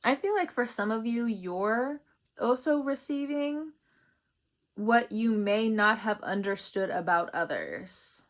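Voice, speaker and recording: A woman's voice: fairly high pitch, lively intonation, slow. A young woman giving a casual, rambling spiritual reading, chatty and laughing often. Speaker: tarot reader.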